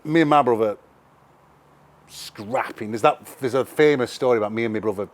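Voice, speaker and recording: A middle-aged man with a Sheffield accent, a musician telling animated, sweary anecdotes in a casual interview. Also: medium pitch, moderate pace. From England. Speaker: musician guest.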